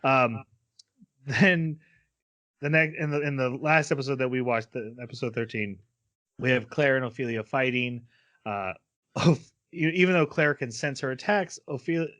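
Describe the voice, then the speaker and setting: A man's voice: medium pitch, normal speed, a bit bright. A man co-hosting a casual podcast, playfully recapping episodes with frequent chuckles. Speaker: podcast co-host.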